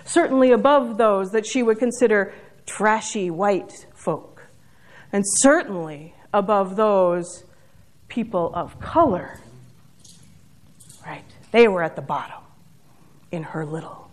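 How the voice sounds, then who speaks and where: A woman preaching, retelling a story in a measured and reflective way. Her voice sits at an ordinary pitch for a woman.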